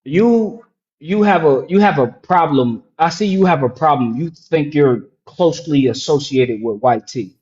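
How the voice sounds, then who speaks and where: A man's voice: fairly high pitch, a little slow, darkish tone, dull audio. A man with a New York accent, confronting another speaker in a heated online debate and stammering as he repeats himself to press his point. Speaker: debate participant.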